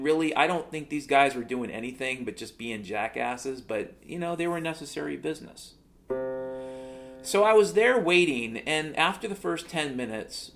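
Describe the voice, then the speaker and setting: A man's voice: mid-range voice, a bit bright. A man delivering a sarcastic, profane monologue rant, telling stories and complaining as a show host.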